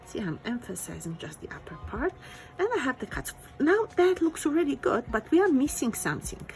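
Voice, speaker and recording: Gravelly-voiced woman teaching drawing. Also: sits high, sing-song, a little fast, faint music behind, poor audio. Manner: encouraging, thinking aloud while drawing. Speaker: art teacher. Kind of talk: step-by-step drawing lesson.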